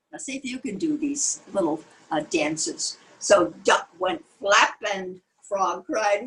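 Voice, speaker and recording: A woman's voice: medium pitch, lively intonation, a little slow, a bit bright, slight background noise, rough recording. An older woman reading a picture book aloud to young children, sing-song and asking them questions along the way. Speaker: children's storyteller.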